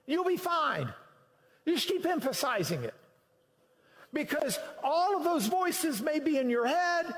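A man preaching a sermon to a class, swinging between loud emphatic lines and quiet low ones. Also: very animated, measured pace. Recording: long hall reverb.

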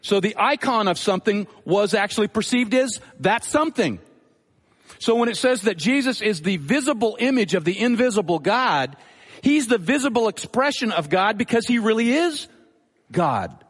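A man with a somewhat high voice delivers an earnest expository sermon, explaining scripture verse by verse. His words ring out with a long reverb, as from a large church sanctuary. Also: animated, moderate pace. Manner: earnest teaching delivery, Bible quotations. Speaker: pastor.

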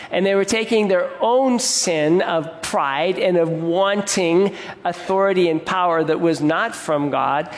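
A man preaching a sermon as pastor, earnest and conversational, often restarting his words. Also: sits high. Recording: echoey hall.

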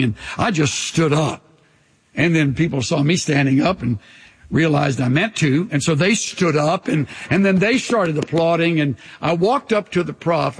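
A man preaching a sermon, earnest and unhurried, pausing often and dropping his voice almost to a whisper to make a point. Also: on the high side, slightly rough. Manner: earnest, pauses often, drops to near-whispers for emphasis. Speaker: pastor. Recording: long hall reverb.

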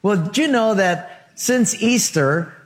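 Male pastor, sermon, high voice, rhythmic rhyming lines. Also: expressive, slow, big-room sound. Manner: rhythmic, rhyming phrases, asks the congregation questions.

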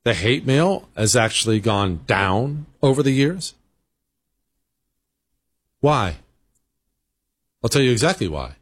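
A man's voice: mid-range voice, lively intonation, slow pace, long pauses, no room sound. A man hosting a talk radio show, delivering a sarcastic, combative monologue.

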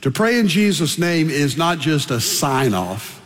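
A man's voice: fairly high pitch, big pitch swings, a little slow, a bit bright. An older man preaching a sermon as pastor, emphatic and building his points through repeated phrases. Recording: long reverb of a large hall.

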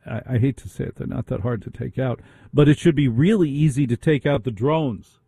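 A man's voice: medium pitch, a little fast, vocal fry, mellow, breathy edge, no room sound. A man hosting a radio talk show, ranting through a monologue full of rhetorical questions.

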